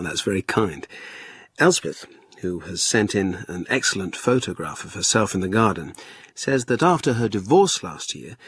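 Pompous, husky poet host. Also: male voice, lowish voice, a bit bright, no echo. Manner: pompous, self-important, earnest. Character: pompous male poet hosting a show. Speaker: host of a poetry programme. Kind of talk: comic scripted presentation and poetry reading.

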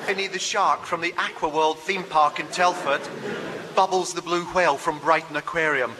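A man's voice: on the high side, fairly even intonation, normal speed, in a large hall, noisy background, lightly acted. An actor playing a frightened male scientist held by dolphins, pleading nervously in a comedy sketch.

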